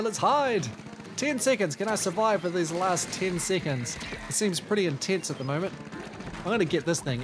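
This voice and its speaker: A man with a New Zealand accent commentating his own gameplay, excitable, with frequent exclamations and self-deprecating asides. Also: high voice. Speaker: gaming YouTuber. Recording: game music playing underneath.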